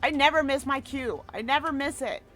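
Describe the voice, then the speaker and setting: A woman's voice: sits high, brisk, a bit bright, soft background music. A woman streaming a video game, frustrated and swearing as she plays.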